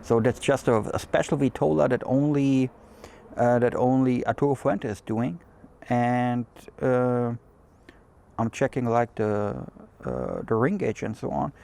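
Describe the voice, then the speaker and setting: A man's voice: medium pitch, measured pace, creaky, darkish tone. A man hosting a cigar show, talking in a loose, rambling way with many fillers and restarts. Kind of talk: casual chat.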